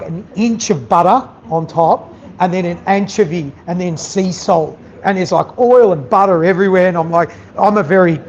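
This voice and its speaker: A man's voice: sits high, darkish tone. A man, a chef giving a masterclass, talking bluntly and animatedly to an audience and swearing freely. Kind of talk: candid talk to an audience. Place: event venue with audience. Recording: slightly dull sound with faint noise.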